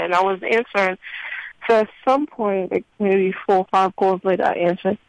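A woman's voice: mid-range voice, steady tone, moderate pace, darkish tone. A woman sits in as a radio guest and answers in a casual, blunt way. Her replies are short and plainspoken. The sound is dry, with no room echo. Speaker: radio guest telling her workplace harassment story. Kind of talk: casual talk.

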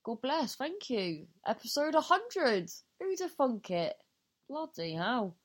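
A woman's voice: sits high, sing-song, slow pace. A woman hosting her own podcast, improvising a silly story with lots of restarts, swearing freely and joking at her own expense. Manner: swears freely, self-mocking humour. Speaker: podcast host and comedian. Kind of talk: casual solo podcast chat.

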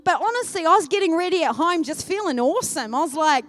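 A woman preacher telling a personal story in a sermon, swinging from loud, excited passages to hushed, tender ones. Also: very high voice, fast talker, few pauses. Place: church service.

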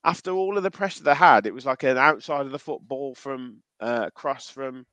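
A man's voice: mid-range voice, moderate pace, a bit bright, no room sound. A man hosting a football podcast, chatting casually with fillers and reading out listener comments. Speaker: podcast host.

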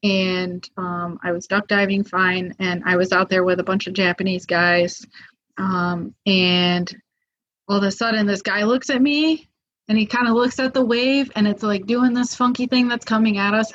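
A woman chatting as a podcast guest, telling a tale in an easygoing, animated way. She sprinkles in fillers and acts out quotes as she goes. The sound is slightly dull, like a lo-fi recording. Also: medium pitch, normal speed. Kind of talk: casual storytelling. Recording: muffled lo-fi audio.

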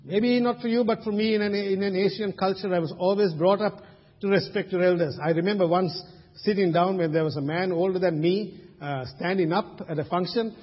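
Speaking a little fast in a voice that sits high, a pastor from Sri Lanka delivers an emphatic sermon full of rhetorical questions in a large church hall. The audio is dull lo-fi with a long hall reverb.

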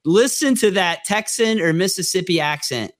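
A man's voice: sits high, animated, moderate pace, no echo, clean studio sound. Playful male talk show host. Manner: playful, teasing. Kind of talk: casual talk show hosting.

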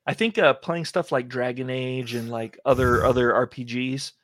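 A man's voice: mid-range voice, fairly even intonation, normal speed, a bit bright, no room sound. Laid-back joking man, dry sound. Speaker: podcast co-host. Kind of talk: casual chat.

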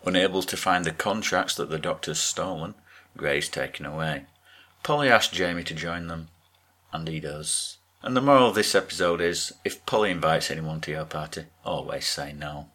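A man co-hosting a podcast, recapping a TV episode with wry, deadpan asides. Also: deep voice, normal speed. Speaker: podcast co-host.

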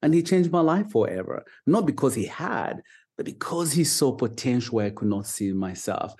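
A man's voice: mid-range voice, sing-song, moderate pace, darkish tone, breathy edge. A man with a Ugandan British accent, a guest in an interview, talking about foster care in an earnest, upbeat way with small restarts. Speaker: guest, foster dad and advocate. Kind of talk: conversational interview.

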